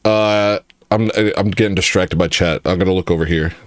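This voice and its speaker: A man's voice: deep voice, fairly even intonation, moderate pace, no room sound. A man hosting a casual comedy livestream, rambling and joking while reacting to chat. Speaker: livestream host.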